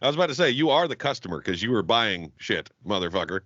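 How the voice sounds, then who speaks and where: A young man co-hosting a comedy podcast, ranting and mocking his partner with loud, profane banter. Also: on the low side, very animated, fast talker, no echo, dull audio. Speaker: podcast co-host.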